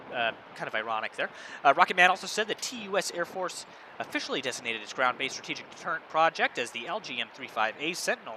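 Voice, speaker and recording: Male streamer, lively pitch, very bright tone, faint background noise, reads chat aloud. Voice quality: echoey monitoring on his voice. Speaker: livestream host reading chat. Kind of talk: casual livestream commentary.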